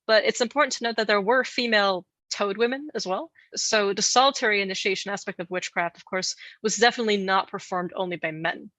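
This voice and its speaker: A woman's voice: mid-range voice, quick pace, few pauses, pushed and bright, dry recording. A woman co-hosting a podcast, telling folklore in casual chat with playful asides and frequent laughter. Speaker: podcast co-host.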